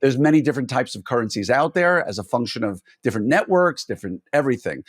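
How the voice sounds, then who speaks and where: A man's voice: mid-range voice, expressive, quick pace, dry recording, studio quality. A man hosting a podcast interview, explaining at length and posing skeptical questions in a playful way. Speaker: podcast host.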